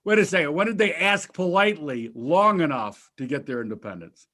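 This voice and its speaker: A man's voice: on the high side, expressive, brisk, pushed and bright. A man co-hosting a markets talk show, chatting casually in a blunt, profane, joking way.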